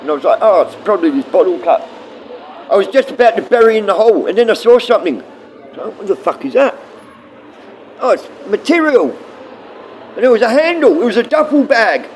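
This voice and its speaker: A man's voice: high voice, very animated, fairly quick, pauses often, a little hiss or hum, rough recording. A man with an Australian accent streaming live, rambling bluntly and swearing often as he talks to his chat.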